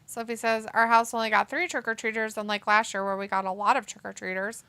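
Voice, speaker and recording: Bright-voiced woman reading chat aloud. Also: on the high side, level tone, quick pace, clean tone, no echo. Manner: chatty, reads chat messages aloud. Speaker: co-host of a wrestling watch-along stream. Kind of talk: casual chat reading viewer comments.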